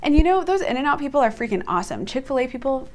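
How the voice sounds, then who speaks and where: A young woman in her twenties telling stories to camera in a casual, chatty way, filling her talk with "like" and jumping up in pitch when she quotes herself. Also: quick pace. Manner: animated, jumps up in pitch when quoting herself. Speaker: vlogger.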